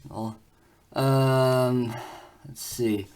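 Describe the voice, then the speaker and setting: A man talking casually to camera in a vlog, rambling and halting with many fillers and restarts as he reads through results on screen. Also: mid-range voice, steady tone, darkish tone, slight background noise. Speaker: vlogger.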